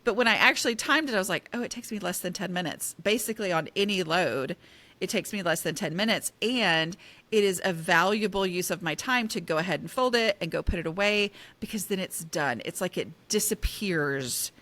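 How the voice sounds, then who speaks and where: A woman being interviewed about decluttering, talking in an animated, self-deprecating way and stressing key points emphatically. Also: on the low side, fairly quick. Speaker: guest author on decluttering. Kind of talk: casual interview chat.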